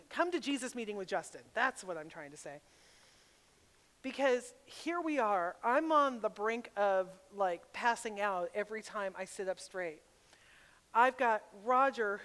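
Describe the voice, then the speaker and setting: Middle-aged woman speaker, high voice, lively personal storytelling, long hall echo. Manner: personal, animated storytelling with sudden loud bursts. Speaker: retreat speaker. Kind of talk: storytelling talk at a women's retreat. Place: large hall at a camp retreat. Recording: long reverb of a large hall.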